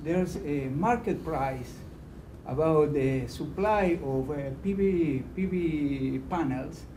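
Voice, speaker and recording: A man in the audience, heard from a distance in an echoing room, asks a hesitant question in non-native phrasing. His voice is somewhat high for a man, with steady background noise around him. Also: takes it slowly. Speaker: audience member asking a question. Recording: distant, roomy, noisy hall sound.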